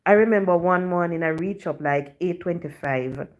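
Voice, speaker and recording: Jamaican woman, slightly low voice. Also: normal speed, lo-fi sound. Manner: chatty patois storytelling, leans on "you know". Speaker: live-stream host. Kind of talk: casual storytelling to viewers.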